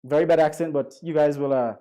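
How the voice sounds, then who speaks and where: A man gives a relaxed online lecture to students. His voice is warm and mellow and sits a little high, and he talks in a chatty, coaxing way, dropping into Spanish asides. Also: fast talker. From Jamaica. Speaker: guest lecturer.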